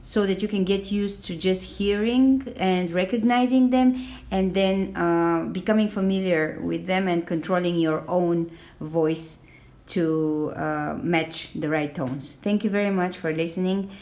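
A woman teaching a podcast language lesson, talking slowly and carefully with many fillers and modelling sounds aloud. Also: fairly low pitch, a little mellow.

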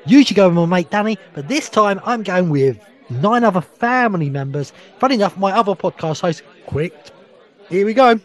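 Male co-host, high pitch, rowdy banter, swears freely. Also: lively intonation. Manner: boisterous, swearing, quick laughs. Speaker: podcast co-host. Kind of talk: casual pub-style chat.

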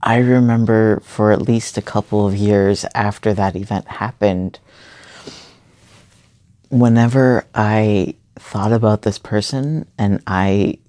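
A young man giving an earnest, halting personal monologue late at night. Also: fairly low pitch, mellow, dry recording.

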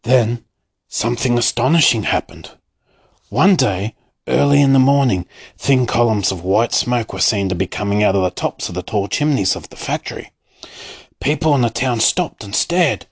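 A man's voice: mid-range voice, normal speed, vocal fry, slightly rough. A man reading a storybook aloud, narrating expressively. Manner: expressive and lively.

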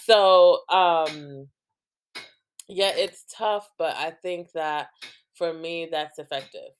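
A woman's voice: sits low, slow pace, slight background noise. A young woman from New Jersey hosting a podcast, chatting casually and rambling, with many "like"s and frequent laughs. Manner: rambling, heavy use of "like", laughs often. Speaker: podcast host. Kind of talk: casual chat.

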